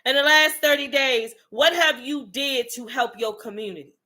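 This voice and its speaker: Brief: woman motivational speaker, fierce tough-love sermon delivery, sharp bright tone, slightly high. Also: normal speed. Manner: blunt, profane, preachy, calls out the listener directly. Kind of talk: fiery motivational monologue to viewers.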